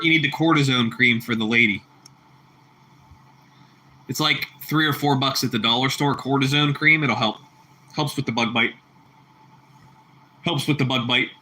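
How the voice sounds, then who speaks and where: A man chatting on a casual livestream with a bright, forceful voice. He talks in loose, repetitive bursts and laughs easily. He calls his viewers bro and bucko. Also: medium pitch, normal speed, long pauses, husky. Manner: laughs a lot. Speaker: livestream host reading chat.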